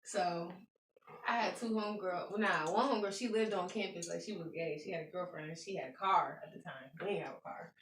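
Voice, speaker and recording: A woman's voice: lowish voice, fairly quick, slight background noise. A woman co-hosting a podcast, telling a story in casual chat and acting out the voices of the people in it. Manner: animated, laughing storyteller who acts out quoted lines. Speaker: podcast co-host. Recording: echoey room, mic at a distance.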